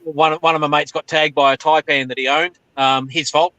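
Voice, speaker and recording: A man's voice: a little high, little pitch movement, moderate pace, pushed and bright, no echo, rough recording. A man with an Australian accent chatting casually as a guest on a live video chat, easygoing, with laid-back slang.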